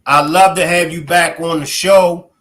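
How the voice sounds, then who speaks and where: A man hosts a live stream, welcoming callers and nudging them along with quick, casual prompts. His voice is fairly high for a man and has a bright, tense edge. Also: fairly even intonation. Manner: brief encouraging prompts.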